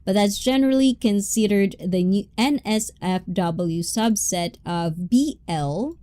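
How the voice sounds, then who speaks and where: A woman's voice: medium pitch, measured pace, mellow. A young woman hosting a casual livestream, chatting, laughing often and reading viewers' comments aloud. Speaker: livestream host reading chat.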